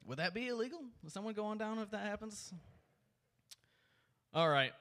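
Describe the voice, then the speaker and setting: A man's voice: high voice, expressive, normal speed, a bit bright. A man doing stand-up at an open mic, with a profane, exasperated rant into a handheld mic. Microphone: handheld stage mic.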